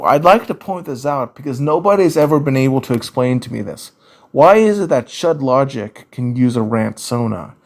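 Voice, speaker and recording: Man, Southern US accent, slow drawl, casual rant, lots of fillers, mid pitch. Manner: slow, drawn-out delivery with many fillers. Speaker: YouTuber answering viewer questions. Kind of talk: casual ranting commentary.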